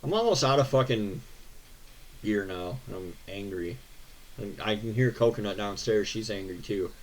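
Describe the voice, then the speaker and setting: A man's voice: on the low side, lively intonation, moderate pace. A young American man hosting a car channel, ranting sarcastically and swearing as he reads viewer questions. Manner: profane, sarcastic, exasperated ranting. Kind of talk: ranting reaction to viewer posts.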